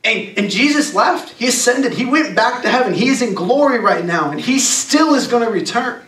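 A young adult man giving a youth sermon, talking casually and emphatically and slowing down to read scripture. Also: extremely high pitch, expressive, a bit bright. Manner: emphatic, conversational preaching with slowed scripture reading. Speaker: youth pastor. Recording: echoey room, distant mic.

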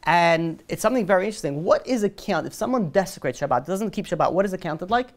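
A man who is a rabbi, telling a story in a lively sermon to a group, full of "you know" fillers and restarts. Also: sits high, fast.

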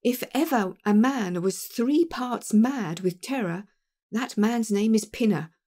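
A woman reading an audiobook, voicing a sharp middle-aged male detective who asks short probing questions. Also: a little high, animated, slow. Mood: puzzled.

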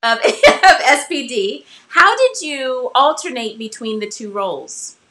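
A woman's voice: high-pitched, big pitch swings, unhurried, bright, forceful tone. A woman co-hosting a live fan stream, upbeat as she announces viewer questions. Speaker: co-host of a live fan show. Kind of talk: casual live-stream chat.

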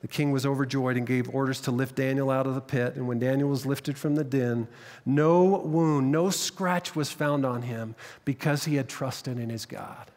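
A man preaching a sermon, telling the story dramatically and dropping to hushed tones at tense moments. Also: mid-range voice, fairly even intonation, moderate pace. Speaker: pastor. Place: church sanctuary. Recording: long reverb of a church hall.

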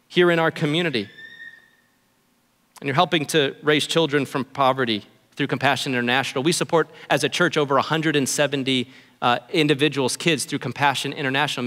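A male pastor preaching a sermon in an earnest, animated way, voicing what his listeners might think. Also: a little high, long reverb tail. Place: church auditorium.

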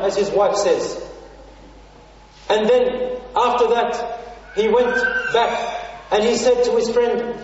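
A man's voice: high voice, a little mellow, a little hiss or hum. A preacher from Australia telling an emotional story in a sermon, speaking to his audience as brothers and sisters and mixing in Arabic phrases. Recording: echoey hall, distant mic, dull lo-fi.

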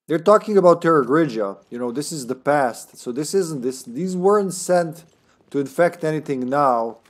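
A man's voice: fairly high pitch, expressive. Chatty man streaming a game. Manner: chatty, laughs often, tired but talking fast. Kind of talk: casual live-stream commentary.

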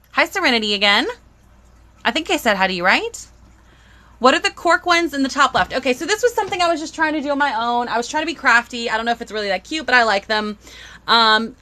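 A woman's voice: high voice, sharp tone. A young woman, chatting bubbly on a live stream as she unboxes toys and greets viewers.

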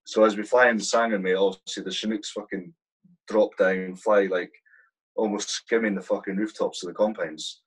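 A low, husky male voice, a soldier in his thirties recounting combat with blunt, salty language. He talks casually, like he's with a mate. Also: steady tone, normal speed, poor audio. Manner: blunt, swears freely, vivid war anecdotes. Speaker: guest, army platoon sergeant. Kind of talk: casual storytelling.

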